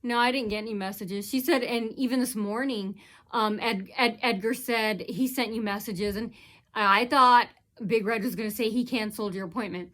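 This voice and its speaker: A woman's voice: on the high side, steady tone, normal speed, fairly bright tone. A woman vlogger rambling through an aggrieved personal account, retelling who said what with many fillers and restarts.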